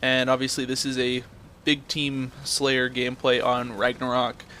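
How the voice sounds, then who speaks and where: A man's voice: medium pitch, monotone, unhurried, bright, forceful tone, a little hiss or hum. A young man ranting in a blunt, profane way, telling a story and then commenting on his game footage. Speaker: gameplay commentator.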